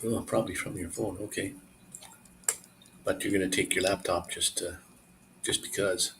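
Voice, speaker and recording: Deep-voiced man chatting on a live stream. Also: normal speed, creaky, background noise. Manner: rambling, relaxed, talks to viewers. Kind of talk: casual live stream chat.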